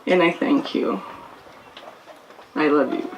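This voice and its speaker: A woman's voice: on the low side, slow pace, gravelly, heavy background noise. A woman from Canada giving a heartfelt, storytelling speech at an outdoor field ceremony. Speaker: guest speaker.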